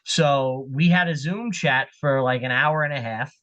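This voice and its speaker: A man appearing as a podcast guest, talking at length in a lively, casual storytelling way. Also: medium pitch, measured pace.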